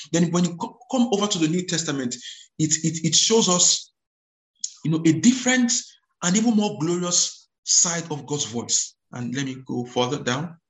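Echoey, slightly high-voiced male preacher. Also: a bit bright. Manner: repeats words, stumbles and restarts, exclaims hallelujah; reads scripture aloud slowly and with emphasis. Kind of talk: sermon.

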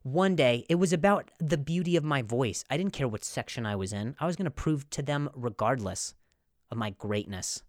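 A man's voice: medium pitch, expressive, normal speed, dry recording, clean studio sound. A young man hosting a comedy podcast, rambling and profane, with sarcastic rants full of restarts. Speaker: podcast host.

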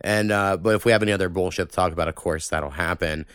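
Smooth-voiced man hosting a casual podcast. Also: low-pitched, fast, no echo, clean studio sound. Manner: relaxed, rambling, swears casually. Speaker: podcast host.

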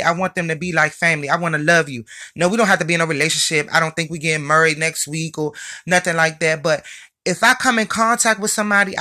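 A woman's voice: lowish voice, pushed and bright. A young woman in a casual, profane rant, blunt and mocking as she calls out her listeners.

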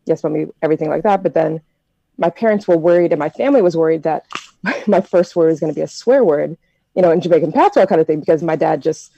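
A woman's voice: sits low, fast, creaky, mellow, no room sound, dull audio. An American woman telling stories in a casual group discussion, chatty and reflective with plenty of fillers. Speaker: discussion participant.

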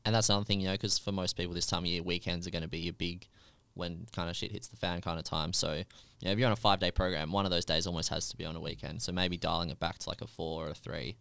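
A man's voice: low-pitched, little pitch movement, racing, vocal fry, hardly any pauses, fairly bright tone, clean tone, dry recording. A man, a fitness coach, chatting casually on a podcast and laughing easily.

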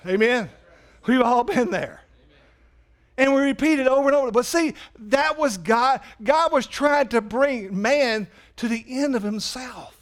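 A man preaching a sermon in a church, animated, swinging from loud emphasis to quiet asides. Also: measured pace. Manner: animated preaching, rises loud for emphasis then drops low. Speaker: pastor. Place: church sanctuary.

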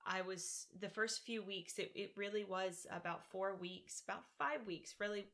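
A woman from Virginia, a podcast guest telling a personal story in casual interview talk, animated and laughing often. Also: medium pitch, moderate pace. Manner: animated, laughs often, acts out her own quotes. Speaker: podcast guest, practicing shaman.

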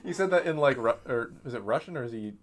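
A man's voice: medium pitch, lively intonation, fast, a crowd in the background. Brief: man, easygoing co-host, amused, casual banter. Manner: laid-back, laughs along, easily amused. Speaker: podcast co-host. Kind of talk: casual chat.

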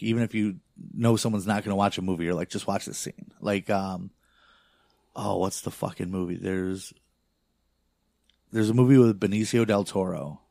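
Male, young adult, low-ish pitch, dry close mic; loose profane storyteller full of fillers. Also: vocal fry, a little mellow, dry recording. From not from a big city. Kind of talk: casual chat.

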